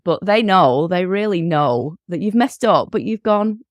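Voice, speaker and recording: A woman in her forties from the United Kingdom, a guest speaking in casual conversation, animated and acting out quoted dialogue. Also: lowish voice, measured pace, dry recording, studio quality. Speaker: guest, coach and podcaster.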